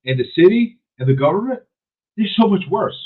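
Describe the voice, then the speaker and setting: Husky man ranting on talk radio. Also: high-pitched, expressive, a little fast. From New York City. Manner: emphatic, repetitive, restarts mid-sentence. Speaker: radio show host. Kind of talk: opinionated talk radio monologue. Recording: tinny phone-like radio audio.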